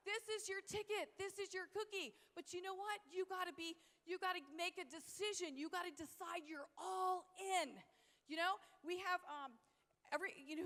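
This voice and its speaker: Woman, high voice, motivational speaker, upbeat and punchy, long hall reverb. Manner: energetic, enthusiastic, repeats catchphrases. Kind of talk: motivational stage speech. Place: large convention hall.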